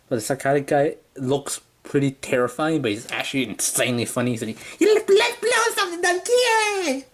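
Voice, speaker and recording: A man's voice: medium pitch, a little mellow. A man casually reviewing a toy, rambling with lots of fillers and restarts. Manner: rambling, full of "yeah" and "kinda".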